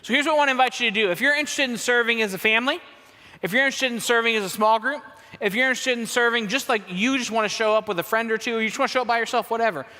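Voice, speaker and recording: A man's voice: very high voice, rapid-fire, bright, forceful tone. Upbeat young guy doing church announcements, long reverb in the hall, keeps repeating himself for emphasis. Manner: enthusiastic, repeats words for emphasis.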